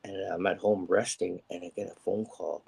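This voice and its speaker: Low gravelly-voiced man telling his story. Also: fairly even intonation, normal speed, darkish tone, rough recording. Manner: rambling and candid, many ums, acts out quoted people. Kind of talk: personal storytelling on a live show.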